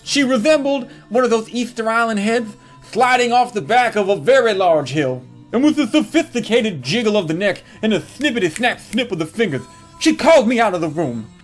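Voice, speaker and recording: A man's voice: sits high, animated, moderate pace, faint music behind. A man telling a crude comedic story from his childhood, with a mocking, punchline-driven delivery.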